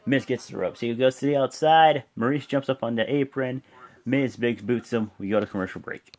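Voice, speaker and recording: A man's voice: mid-range voice, normal speed. A man hosting his own reaction channel, recapping a show casually with lots of fillers and rambling asides. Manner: rambling, with many fillers and "and whatnot"; breaks into loud, excited voices when quoting. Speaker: host of a wrestling reaction channel.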